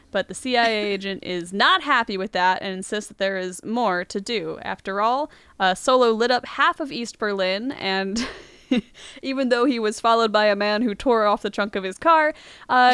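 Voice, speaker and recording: Smooth-voiced woman recapping a film. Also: medium pitch, normal speed, fairly bright tone, dry recording. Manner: chatty retelling with frequent laughs. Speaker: podcast host. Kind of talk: casual movie recap.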